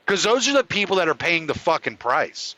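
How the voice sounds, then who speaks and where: A man's voice: a little high, sing-song, fairly quick, pushed and bright, no room sound, poor audio. A man hosting his own show, delivering an angry, profane rant. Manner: furious, profane, heated ranting. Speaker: podcast host. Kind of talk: angry ranting monologue.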